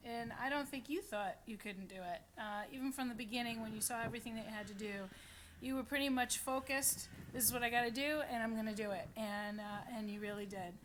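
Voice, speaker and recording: A woman's voice: on the high side, brisk, fairly bright tone, a little hiss or hum. A woman cantor in a synagogue sanctuary, giving loose, chatty words of praise at a bat mitzvah service.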